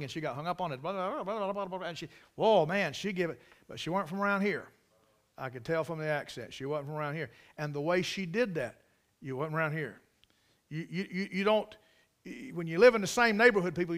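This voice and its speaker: Forceful Carolina preacher, folksy drawl. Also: male voice, on the high side, lively intonation, fast. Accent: Southern US, Carolinas. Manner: drawling, storytelling, emphatic asides. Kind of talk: folksy revival sermon. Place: church service.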